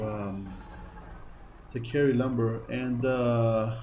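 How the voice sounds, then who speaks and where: A man's voice: medium pitch, steady tone, measured pace, darkish tone, soft background music, low-quality recording. Tired man streaming a game. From Greece. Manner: chatty, repeats himself, talks to viewers. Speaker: gaming streamer. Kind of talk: casual live gameplay chat.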